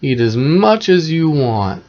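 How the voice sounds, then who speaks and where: A man voicing a scheming old female witch who eats children, dropping low to threaten and rising to sound falsely sweet, on a dull lo-fi recording. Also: sing-song, slow, darkish tone, exaggerated voice. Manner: shifts between low menace and falsely sweet politeness.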